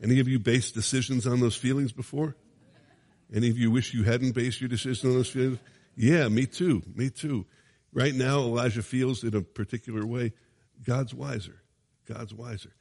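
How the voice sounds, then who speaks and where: A man's voice: mid-range voice, steady tone, brisk, darkish tone, big-room sound. A man preaching a sermon, reading scripture dramatically and adding conversational asides with chuckles.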